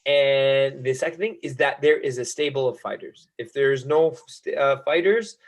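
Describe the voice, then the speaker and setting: Male guest in his thirties, energetic storyteller, laughs a lot, rambles loosely. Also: mid-range voice, moderate pace. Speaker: guest, kickboxing coach. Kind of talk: casual interview chat.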